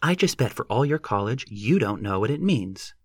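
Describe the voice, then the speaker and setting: A man's voice: mid-range voice, very animated, normal speed, slightly rough, no echo, studio quality. A man voicing a clever, impish young woman who talks in a provocative, knowing way. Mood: teasing.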